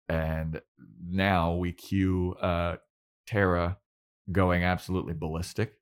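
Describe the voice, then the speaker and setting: A young man with a deep, low-pitched voice recaps an episode in casual podcast chat. He tells it animatedly, jumping into mock voices for the characters and swearing freely. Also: level tone, unhurried, clean tone. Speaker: podcast co-host.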